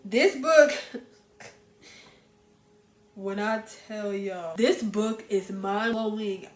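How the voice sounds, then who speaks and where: A woman chatting casually about books she recommends, animated and talking straight to her viewers. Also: medium pitch, extremely slow. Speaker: book reviewer. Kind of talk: casual book recommendation chat. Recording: echoey room with faint music.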